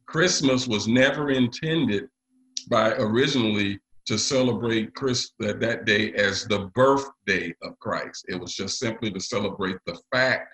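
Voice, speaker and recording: A man preaching a sermon to his congregation, often pausing with fillers. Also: fairly low pitch, a bit bright, rough recording. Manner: leads the congregation in call and response; halting, with frequent pauses and fillers. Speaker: pastor.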